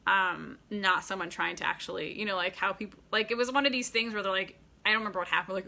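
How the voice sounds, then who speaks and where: A woman's voice: mid-range voice, fast talker, creaky, hardly any pauses, bright, forceful tone. A woman in her thirties telling a personal story to camera in a chatty, rambling way, full of fillers and frequent laughs. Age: 30s. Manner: chatty, many fillers and restarts; laughs often while talking. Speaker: vlogger.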